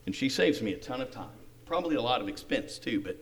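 A man preaching a sermon, animated, acting out the story and putting questions to his listeners. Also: mid-range voice, fast, echoey room. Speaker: pastor.

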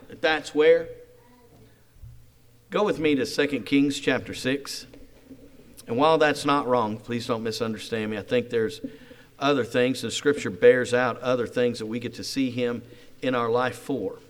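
A male pastor from Kansas preaching a sermon, with a family of his own, swinging between loud emphatic passages and quiet personal asides. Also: mid-range voice, fairly even intonation, measured pace. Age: adult with kids.

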